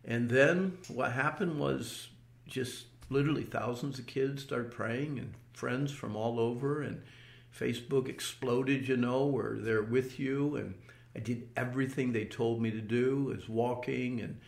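Gravelly older man telling his story. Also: medium pitch, steady tone, unhurried, echoey room. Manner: earnest storytelling with repeated restarts. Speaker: interviewee. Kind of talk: personal testimony.

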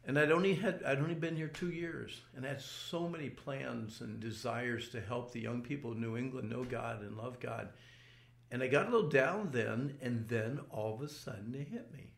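Gravelly older man telling his story. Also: mid-range voice, moderate pace, roomy sound. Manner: earnest storytelling with repeated restarts. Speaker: interviewee. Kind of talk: personal testimony.

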